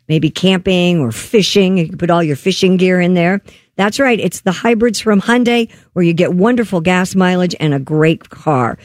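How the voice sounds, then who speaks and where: A woman's voice: lowish voice, darkish tone, no echo, clean studio sound. A woman co-hosting a radio show, chatting casually and doing a live ad read in an upbeat way. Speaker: radio show co-host, reads ads.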